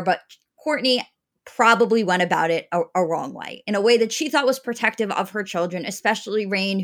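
A woman's voice: medium pitch, a bit bright. Thoughtful woman podcast co-host chatting. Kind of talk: casual chat.

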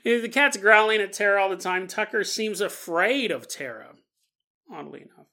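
A woman co-hosting a podcast, telling a story in a loose, chatty way. She breaks in with joking asides. Her voice is bright and forceful, at a middling pitch. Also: lively intonation, moderate pace. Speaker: podcast co-host. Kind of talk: casual storytelling.

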